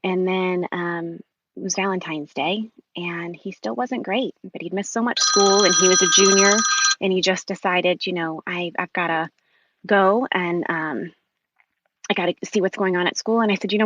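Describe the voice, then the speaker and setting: A woman guest on a podcast, telling an emotional personal story with many pauses and ums. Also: fairly low pitch, fairly bright tone, no room sound, lo-fi sound.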